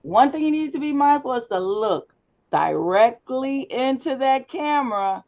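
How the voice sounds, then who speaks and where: A woman's voice: sits high, lively intonation, a little slow, a little mellow. A woman instructor giving a live online lecture, firm and instructive as she addresses her students directly. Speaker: public speaking instructor. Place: video class call. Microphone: computer mic on a video call. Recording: slightly dull video call audio.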